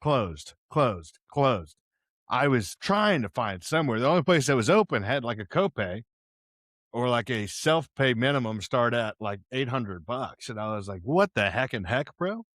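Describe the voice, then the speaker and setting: This young podcast host from Houston, Texas, rambles casually through a slang-filled story with lively intonation at a moderate pace. His medium-pitched voice is a bit bright; he's wearing headphones, is partly deaf in one ear, and is recorded close-mic in clean studio sound with no room sound.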